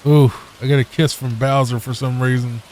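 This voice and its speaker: A man hosting a calm sleep-aid gameplay video, reading on-screen text softly and adding wry asides. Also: mid-range voice, a little hiss or hum. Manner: soft, unhurried, reads on-screen text aloud and adds wry asides. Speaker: gaming channel host.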